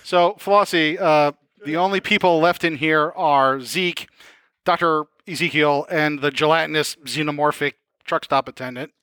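A man's voice: a little high, normal speed, sharp tone, clean tone, no room sound, clean studio sound. A man running a live tabletop game as game master, narrating playfully and laughing often. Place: game store at a live show.

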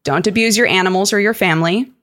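A woman's voice: mid-range voice, fast, fairly bright tone. A woman guest on a podcast, narrating a story in a dramatic, playful way.

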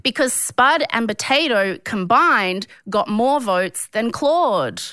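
A woman co-hosting a podcast in casual chat, animated and quick to laugh in disbelief. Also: on the high side, smooth, dry recording, clean studio sound. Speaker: podcast co-host.

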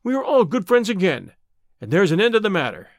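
A man voicing a huge, domineering lodge boss with a booming, bluff manner. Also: huge pitch swings, brisk, no echo, clean studio sound, full character voice. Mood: commanding.

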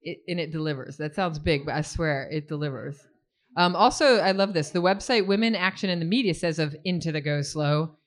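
A woman's voice: deep voice, fairly quick. Playful woman hosting a reading event. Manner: enthusiastic, playful asides. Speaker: reading series host. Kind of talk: introducing an author. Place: live reading event indoors.

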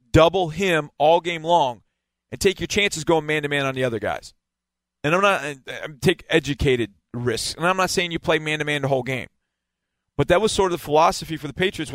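A man's voice: on the high side, a bit bright, no echo. A man giving a casual football breakdown, explaining and stressing key words again and again. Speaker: football analyst.

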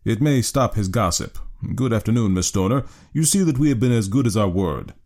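A man reading an audiobook, voicing a cool, calculating detective in a measured, clipped way. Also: lowish voice, expressive, a little mellow. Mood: calm.

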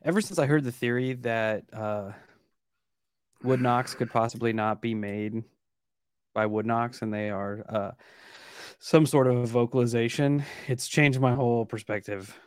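A man's voice: mid-range voice, fairly even intonation, measured pace, smooth, dry recording, studio quality. A man co-hosting a podcast, musing aloud in a hesitant, casual way. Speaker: podcast co-host. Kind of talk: casual chat.

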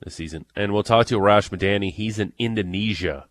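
A man's voice: fairly low pitch, fairly quick, dry recording. A man hosting a sports radio show, chatting casually and reading promos and previews. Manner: upbeat, reads promos and previews.

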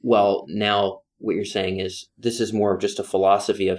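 A man's voice: lowish voice, flat delivery, moderate pace, few pauses. A man hosting an interview, fluently summing up the guest's points and asking follow-up questions. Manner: affirming, paraphrases guest, fluent. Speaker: podcast host. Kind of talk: conversational interview.

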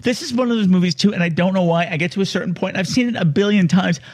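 Male co-host, casual movie chat, high voice, emotional, trips over his words. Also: fast. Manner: emotional, stumbling and repeating himself. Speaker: podcast co-host. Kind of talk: casual film discussion.

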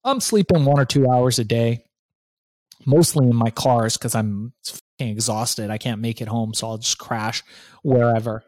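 A middle-aged man telling a lively story as an interview guest, acting out his own thoughts and swearing freely. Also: medium pitch, normal speed, no echo. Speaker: guest entrepreneur. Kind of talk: animated storytelling in conversation.

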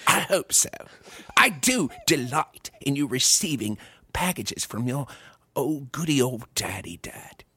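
A man's voice: mid-range voice, very animated, unhurried, pushed and bright, breathy edge, dry recording, exaggerated voice. A man putting on a friend's fussy, genteel older father on a podcast, prim and drawn out.

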